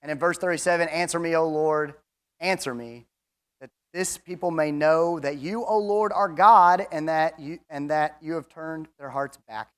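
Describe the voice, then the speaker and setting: A man's voice: on the high side, moderate pace, clean tone. A man teaching a Bible class in a casual, chatty way, reading scripture passages aloud between his own comments and asides. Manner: conversational, chatty, with asides and fillers.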